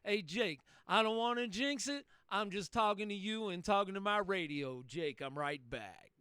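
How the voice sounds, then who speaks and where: Man, CB radio chat, folksy, clear resonant voice. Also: sits high, animated, normal speed, sharp tone. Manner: folksy, salty, repeats himself. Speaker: CB radio operator.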